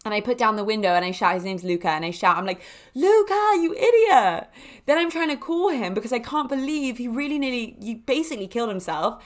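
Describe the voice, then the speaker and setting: A young woman hosting a podcast, telling casual stories in a chatty, animated way with frequent laughs and fillers. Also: fairly high pitch, quick pace, hardly any pauses. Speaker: podcast host. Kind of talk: casual storytelling monologue.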